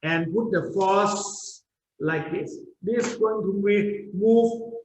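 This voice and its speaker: A man's voice: sits high, extremely slow, slight background noise. A male university lecturer giving a lecture, explaining step by step and often checking in with "okay?". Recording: roomy, dull lecture recording.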